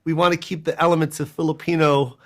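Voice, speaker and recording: A man chatting as an interview guest, a comedian who tells his stories in animated bursts and laughs often. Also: fairly high pitch. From United States. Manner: animated, laughs often, fast storytelling asides. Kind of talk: casual interview chat.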